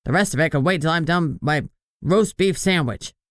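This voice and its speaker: A narrator voicing a gruff, blustering male publicity boss who barks at full volume. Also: fairly high pitch, moderate pace, dry recording, studio quality, lightly acted. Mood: irritated. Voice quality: loud, barking.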